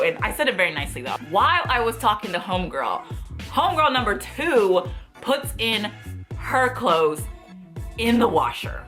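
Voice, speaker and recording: A woman's voice: mid-range voice, moderate pace, soft background music. A young woman vlogger telling a story in a casual, exasperated way, full of "like" and replayed quotes. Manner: exasperated, animated, heavy use of "like".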